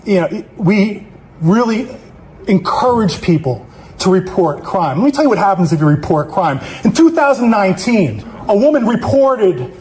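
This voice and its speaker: An angry man with a high voice delivers a fierce public comment, accusing and cursing. He speaks with sharp, relentless indignation, with a faint hum of the surrounding room behind him. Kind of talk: impassioned public comment speech.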